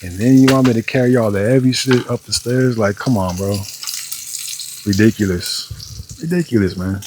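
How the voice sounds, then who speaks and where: A young man with a lowish voice rambles through a story as he cooks at home, swearing freely and sounding fed up. Frying food and faint noise sit behind him in the kitchen. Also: moderate pace. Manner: profane, exasperated storytelling with lots of fillers. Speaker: vlogger. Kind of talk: casual storytelling vlog while cooking.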